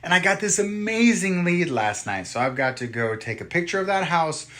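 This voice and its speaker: A man's voice: high voice, sing-song, normal speed, fairly bright tone. A man, a real estate agent, chatting casually and self-deprecatingly to the camera while he drives around. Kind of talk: casual driving vlog. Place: in a car.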